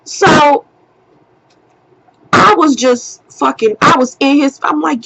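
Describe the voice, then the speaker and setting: A woman tells a heated personal story straight to her camera, unhurried and fairly high-voiced. She swears freely and acts out her own shouting. The sound is dull and lo-fi. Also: expressive, vocal fry. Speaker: vlogger. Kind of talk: storytime vlog.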